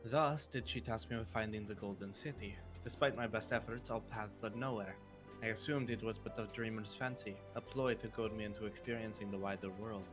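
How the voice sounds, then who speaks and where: A man voicing a reserved young male explorer, reading game dialogue aloud in an even, understated way. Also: lowish voice, a little fast, music in the background, lightly acted.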